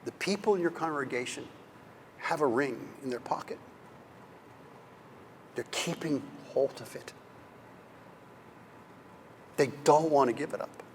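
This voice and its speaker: A man giving a conference lecture on preaching, telling stories in an animated, emphatic way. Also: on the high side, unhurried, pauses often, in a large hall, a little hiss or hum.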